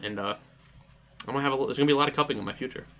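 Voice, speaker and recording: A man's voice: mid-range voice, racing, vocal fry, sharp tone. A young man co-hosting a casual podcast, trading dry, teasing banter. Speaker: podcast co-host. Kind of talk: casual chat.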